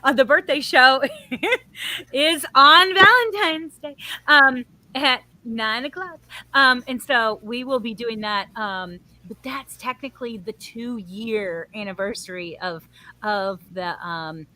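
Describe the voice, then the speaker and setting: A woman with a bright, slightly high voice. She hosts a music radio show and teaches singing. She coaches with animated energy and laughs easily. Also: takes it slowly. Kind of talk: casual chat.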